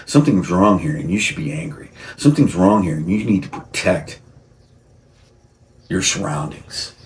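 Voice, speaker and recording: Low-voiced man ranting, gets heated. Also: animated, normal speed, slight background noise. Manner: rambling, gets heated and shouty; frequent restarts and repeated words. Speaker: vlogger. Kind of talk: personal monologue to camera.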